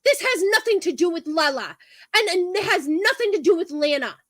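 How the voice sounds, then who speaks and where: A woman's voice: extremely high pitch, lively intonation, brisk, fairly bright tone, no echo, low-quality recording. A woman on a livestream, delivering a heated, profane rant and repeating her points.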